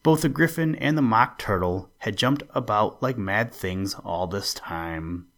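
A man hosting a story podcast, reading a children's classic aloud in a calm, unhurried way. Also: fairly low pitch. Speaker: storyteller host.

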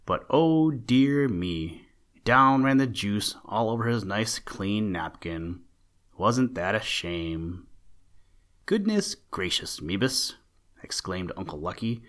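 A man hosting a podcast, reading a children's storybook aloud in a gentle, lilting manner and giving the characters little voices. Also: deep voice.

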